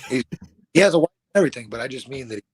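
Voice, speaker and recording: An animated young man tells a wild story in casual, profane speech and jumps into the voices of everyone involved. His voice sits at an ordinary middle pitch, and the recording is dry and close. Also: racing, slightly rough, no echo. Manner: animated, swearing, acts out quoted voices. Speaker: guest fighter.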